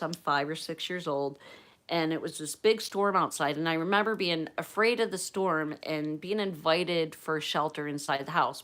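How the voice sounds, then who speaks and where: A low-pitched woman from Pennsylvania hosts a livestream, telling a personal story in a chatty, animated way and acting out the quotes.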